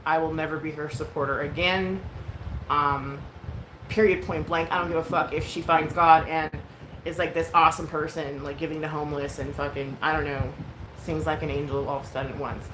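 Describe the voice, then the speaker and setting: A woman's voice: low voice, little pitch movement, brisk. Cursing woman venting in an echoey room. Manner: frank, profane, venting, full of fillers. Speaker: vlogger. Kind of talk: casual storytime rant. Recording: echoey room with clear background noise.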